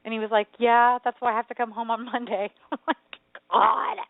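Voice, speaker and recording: A woman co-hosting a radio talk show, telling a rambling, animated story in casual chat. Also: a little high, fast talker, dry recording. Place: home. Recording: tinny phone-like radio sound, dry.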